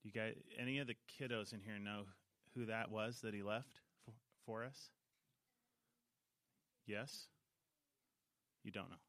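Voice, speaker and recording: A man's voice: fairly low pitch, a little slow, pauses often, a bit bright, no room sound. A man leading kids in church, casually teaching and quizzing them before a song. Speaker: children's minister.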